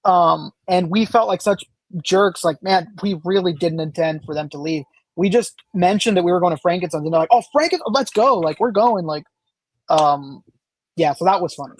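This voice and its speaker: A man's voice: on the high side, normal speed, dry recording. A man chatting as a podcast guest, rambling through stories with many fillers and restarts. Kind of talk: casual chat.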